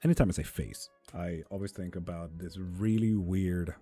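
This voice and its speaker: A man's voice: low voice, steady tone, moderate pace, dark tone, slightly rough, faint music behind. A man reading tarot on a live stream, chatting casually with viewers, calling them honey and swearing freely.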